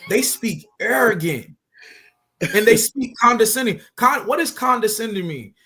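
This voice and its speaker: Emphatic high-voiced male teacher. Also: animated, moderate pace, pushed and bright. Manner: emphatic, conversational, repeats for stress. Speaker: religious teacher. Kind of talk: street-style scripture teaching.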